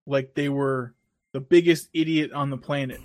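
A man's voice: mid-range voice, fairly even intonation, normal speed, darkish tone, no room sound. A man in a casual podcast chat, dropping dry, wry remarks.

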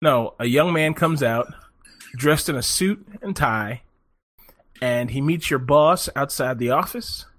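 A man telling a long story in a profane, animated way, often laughing as he talks in casual chat. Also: mid-range voice, a little slow, no room sound, studio quality.

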